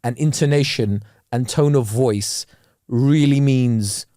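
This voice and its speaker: A young man co-hosting a casual podcast chat, slangy and quick to laugh. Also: medium pitch, dry recording, clean studio sound. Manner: animated, slangy, laughs often. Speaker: podcast co-host.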